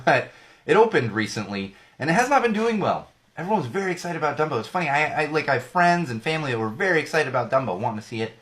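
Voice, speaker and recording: A man's voice: medium pitch, fairly bright tone. A man hosting a casual solo podcast, rambling and joking with frequent restarts and self-corrections, his voice a little worn. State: slightly losing his voice. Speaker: podcast host.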